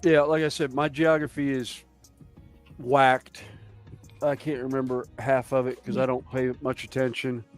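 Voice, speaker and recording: A man's voice: mid-range voice, little pitch movement, unhurried, faint music behind. A man in his fifties chatting casually as a host, rambling, swearing now and then and laughing often. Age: 50s. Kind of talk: casual chat.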